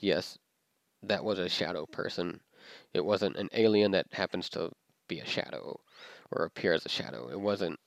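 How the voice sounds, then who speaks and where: A man's voice: sits low, gravelly, no room sound. A young man telling a personal story in a casual, rambling way, with many fillers and restarts.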